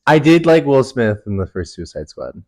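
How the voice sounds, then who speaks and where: A man's voice: mid-range voice, big pitch swings, normal speed, darkish tone. A young adult man on a podcast with friends, teasing the others with short interjections. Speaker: podcast guest. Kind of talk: casual chat among friends.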